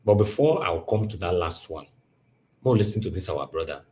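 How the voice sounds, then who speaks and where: A man's voice: deep voice, lively intonation, normal speed, mellow, slight background noise. Emphatic Nigerian man hosting. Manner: emphatic, repetitive, mixes in pidgin. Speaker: live stream host. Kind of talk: casual live-stream monologue.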